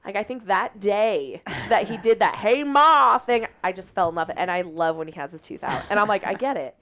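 A woman's voice: medium pitch, fairly quick, highs cut off. A woman in casual chat, talkative and swearing freely, often quoting what she told herself.

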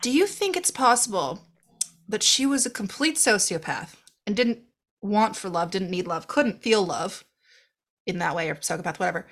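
A woman co-hosting a podcast, chatting casually about a movie in an animated way, swearing freely and slipping into quoted voices. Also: mid-range voice, normal speed. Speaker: podcast co-host. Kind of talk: casual chat reviewing a movie.

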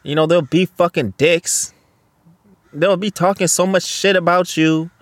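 A man's voice: high voice, steady tone, a little slow, no room sound. A man from Canada hosting a casual solo podcast, rambling and ranting with heavy swearing. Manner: profane, rambling, heated ranting. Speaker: podcast host.

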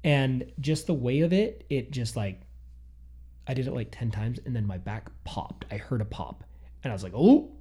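A man's voice: mid-range voice, normal speed, breathy edge. A man in his thirties telling a personal story in a casual chat, acting out what he and others said. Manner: animated, quotes himself and others.

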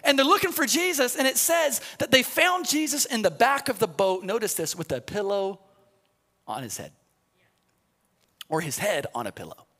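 Pastor guy preaching, really high bright voice, stumbles on repeats then gets shouty. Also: very animated, moderate pace. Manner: builds from storytelling to shouted preaching; repeats words when starting sentences. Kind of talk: sermon.

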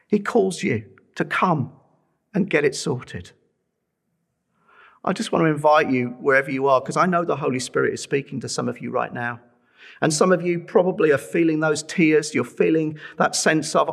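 A man's voice: a little high, normal speed, creaky, slightly rough. A middle-aged man preaching a sermon, telling a personal testimony with earnest feeling and pleading with listeners to respond.

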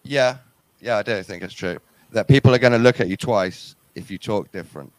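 English guy, kinda low voice, quiet and deadpan, super dry sound. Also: a little fast, dry recording, rough recording. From England. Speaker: musician guest. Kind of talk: casual interview. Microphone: headphones and mic, remote link.

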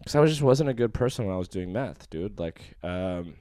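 A man's voice: low-pitched, animated, brisk, mellow, no echo, clean studio sound. A young man telling a long personal story in casual chat, profane and rambling, full of fillers.

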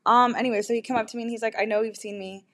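A woman's voice: a little high, steady tone, racing. A young woman alone in her bedroom telling an anxious, rambling story into her laptop microphone, restarting sentences and stumbling over her words. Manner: anxious, rambling, self-interrupting with frequent restarts. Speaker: vlogger. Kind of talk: confessional storytime vlog.

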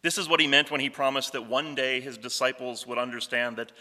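A man with a bright, forceful tone delivers a reflective sermon at a measured pace. His voice rings out with a long reverb, as if recorded in a large hall. Quoted scripture comes slower and softer. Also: mid-range voice, level tone. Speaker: pastor.

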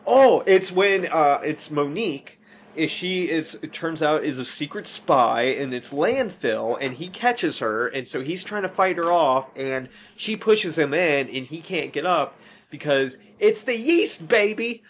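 A man's voice: a little high, lively intonation, unhurried, breathy edge. A man hosting a podcast in casual chat, rambling, correcting himself and laughing often. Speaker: podcast host.

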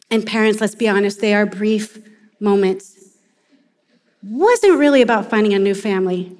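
A woman preaching a sermon, telling stories in an animated way and acting out the quotes. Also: on the high side. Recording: long reverb of a large hall.

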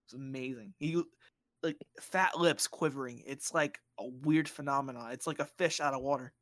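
A man from Bosnia, the podcast host, casually telling a childhood story and acting out the people in it with squeaky voices. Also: normal speed, no echo. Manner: animated, acts out quoted voices in high squeals.

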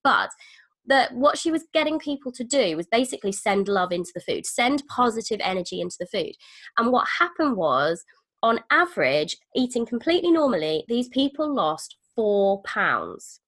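A woman's voice: on the high side, very animated, moderate pace, fairly bright tone. A woman hosting a podcast, chatting with enthusiasm and now and then acting out quoted voices. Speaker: podcast host. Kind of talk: casual podcast conversation.

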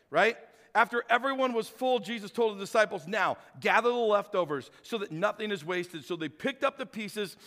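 An energetic male pastor preaches and talks straight to his congregation. His voice is high-pitched and bright. A long reverb hangs on it from the hall. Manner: energetic, animated, addresses congregation directly. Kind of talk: sermon.

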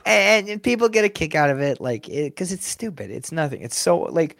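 A man who performs as a sports mascot tells stories in a casual interview, animated and laughing often as he acts out what people said. His voice is a little high, brisk and creaky, captured in a dry, studio-quality recording.

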